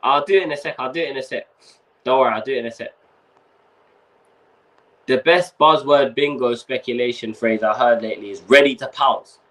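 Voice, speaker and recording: A man's voice: medium pitch, expressive, a little fast, a bit bright. A young man, hosting a casual fan livestream and ranting with slang and swearing while he's overheated. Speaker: fan channel host.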